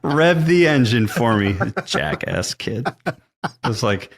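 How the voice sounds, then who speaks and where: A middle-aged man telling stories as a podcast guest, animated and laughing often. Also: mid-range voice, slow pace. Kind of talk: casual chat, storytelling.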